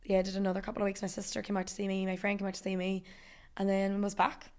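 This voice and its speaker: A young woman with an Irish accent talks quickly and loosely, full of "like" and "you know". Her voice sits at an ordinary middle pitch, and she chats casually as a podcast guest. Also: completely flat delivery, darkish tone. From Ireland. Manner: chatty, rambling with many fillers. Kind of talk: casual chat.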